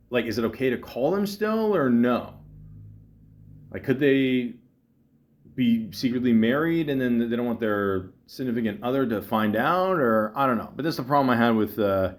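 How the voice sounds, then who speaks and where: A man hosting a podcast, telling his story in a rambling, halting way with many fillers and restarts, and dropping wry, sardonic asides. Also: mid-range voice. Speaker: podcast host. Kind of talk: casual monologue.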